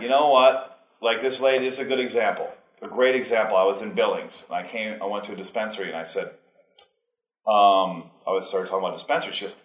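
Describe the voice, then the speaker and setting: A man's voice: lowish voice, a bit bright. A man speaking at a group meeting, talking casually and rambling, getting heated at times. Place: meeting hall. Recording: echoey meeting room.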